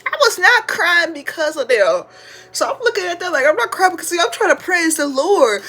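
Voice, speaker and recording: A woman in her twenties hosting a podcast, telling a funny story in a chatty, slangy way, sometimes breaking into loud shouted praise. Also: very high-pitched, sing-song, normal speed. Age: 20s. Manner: slangy, chatty, addresses listeners as y'all. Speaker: podcast host. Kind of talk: casual storytelling to listeners.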